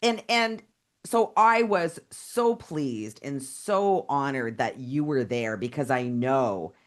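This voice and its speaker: Female co-host, animated pitch, emphatic and reflective in conversation. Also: slow pace. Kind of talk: casual talk-show chat.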